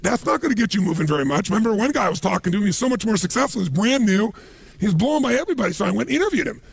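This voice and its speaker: A man giving a motivational seminar talk, telling stories in an animated, emphatic way. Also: high-pitched, racing, vocal fry, a little hiss or hum. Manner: animated storytelling with emphatic asides. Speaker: motivational speaker.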